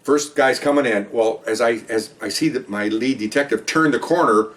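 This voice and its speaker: Speaking at medium pitch and normal speed, an older man who served many years as a police officer casually retells a career story. His telling wanders and gets animated as he performs the quotes, and his voice is somewhat distant from the microphone.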